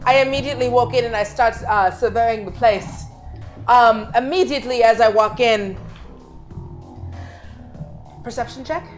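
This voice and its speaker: Lady player, fairly high voice, playful, some music in back. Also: moderate pace, pauses often. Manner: playful, declaring her character's actions. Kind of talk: casual tabletop play.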